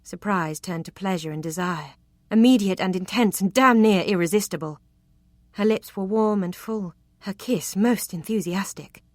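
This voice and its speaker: A woman narrating a historical romance audiobook in an expressive, intimate storytelling manner. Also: medium pitch, moderate pace, no echo, studio quality.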